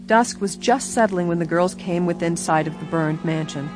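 A woman with a voice on the low side narrates an audiobook in a measured, expressive storytelling style. There's no echo.

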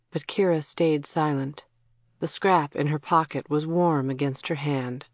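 Steady audiobook narrator, dry sound. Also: mid-range voice, measured pace, dry recording.

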